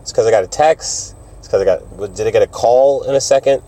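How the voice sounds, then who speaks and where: A man with a fairly low, mellow voice, talking a little fast, hosts a casual solo podcast. He drifts from point to point, swearing plenty and mocking himself.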